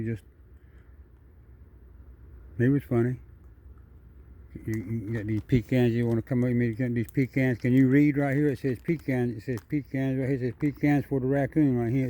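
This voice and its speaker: A man's voice: mid-range voice, a little mellow. A man narrating a casual vlog outdoors at night, chatty and repetitive, talking straight to the animal while holding the camera. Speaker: wildlife video maker. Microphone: handheld camera.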